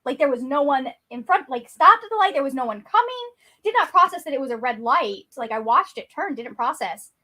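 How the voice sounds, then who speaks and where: A woman chats in an animated way, laughs often and reassures her co-host. Her voice sits high and swings widely up and down. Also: brisk. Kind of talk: casual chat.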